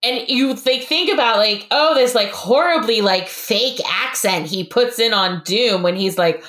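A woman co-hosting a podcast in casual chat, laughing often and quickly. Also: fairly high pitch, a bit bright. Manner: giggly, quick bursts of laughter. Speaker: podcast co-host. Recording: echoey room.

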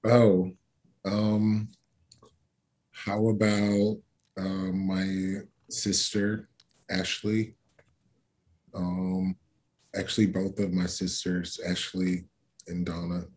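A man who writes about food, speaking as an interview guest in a measured, earnest way. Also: low voice, flat delivery, a little mellow. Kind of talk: conversational interview.

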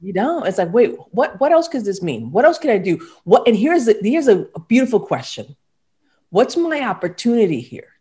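A woman motivational speaker, a guest on a podcast, with a fairly high voice. Her pitch swings widely as she acts out little imagined conversations. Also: fairly quick, hardly any pauses. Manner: animated, acts out little dialogues.

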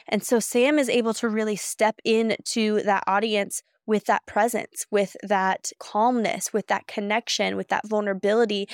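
A woman co-hosting a podcast, telling stories in an energetic, passionate way. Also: mid-range voice, clean tone, no echo, studio quality. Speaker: podcast co-host. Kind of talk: casual chat.

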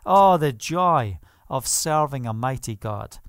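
A man's voice: medium pitch, lively intonation, takes it slowly, clean tone, no echo, studio quality. A man preaching a sermon, fervent, asking the listeners questions and laughing now and then. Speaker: pastor.

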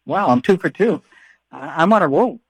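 A man's voice: a little high, expressive, normal speed, crowd noise. A man hosting a podcast in casual, playful banter, joking and often repeating his words. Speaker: podcast host.

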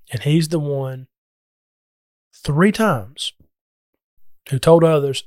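A man's voice: fairly high pitch, slow, long pauses, a little mellow, dry recording, clean studio sound. Earnest man preaching a Bible lesson. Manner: earnest, emphatic scripture reading.

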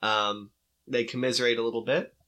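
Bright-voiced man recapping a comic. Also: medium pitch, little pitch movement, dull audio. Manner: recaps scenes, acting out lines in quick voices. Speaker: podcast co-host. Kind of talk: casual comic recap chat.

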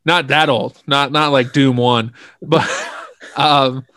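A man's voice: mid-range voice, steady tone, slow, sharp tone, no room sound. A man hosting a podcast, chatting casually in a jokey, rambling way and laughing often. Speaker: podcast host. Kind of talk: casual chat.

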